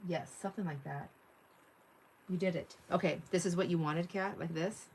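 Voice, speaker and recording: A woman's voice: lowish voice, steady tone, unhurried, long pauses, a little hiss or hum. A middle-aged woman hosting a casual craft livestream, chatting, laughing often and reading viewer comments aloud while she works. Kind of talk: casual live-stream chat while crafting.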